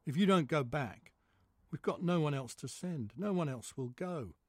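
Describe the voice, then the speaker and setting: A man's voice: a little high, animated, normal speed, darkish tone, dry recording, clean studio sound. A man voicing a pushy, pleading female care agency coordinator who coaxes and wheedles. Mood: coaxing. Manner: coaxing, wheedling.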